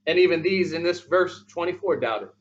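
A male pastor preaching a sermon in an emphatic, repetitive style, swinging between loud and soft. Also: fairly high pitch, lively intonation, normal speed, lo-fi sound, faint music behind.

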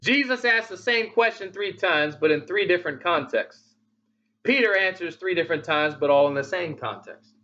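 Guy preaching a sermon, high bright voice, keeps asking the crowd questions. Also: animated, normal speed, dull audio. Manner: conversational, many rhetorical questions to the congregation.

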